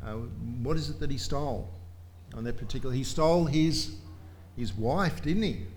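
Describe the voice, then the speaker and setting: A man's voice: mid-range voice, animated, normal speed, darkish tone, slight background noise. A man preaching a sermon in a church, emphatic and full of rhetorical questions to his congregation.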